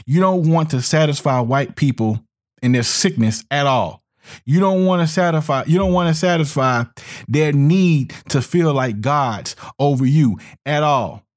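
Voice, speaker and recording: A man's voice: fairly high pitch, a little slow. A man delivering a heated monologue, emphatic and repetitive, often restarting his words and slipping into sneering mock voices. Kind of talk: ranting monologue commentary.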